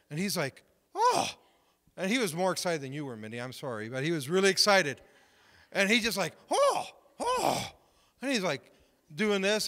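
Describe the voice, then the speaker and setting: Male preacher, fairly high voice, lively testimony storytelling, long hall reverb. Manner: animated, retells conversations with rising excitement. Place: church.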